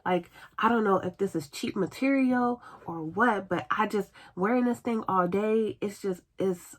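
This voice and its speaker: A woman doing a soft-spoken apologetic nurse. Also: medium pitch, unhurried, close to an everyday voice. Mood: weary. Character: quiet apologetic female hospital nurse.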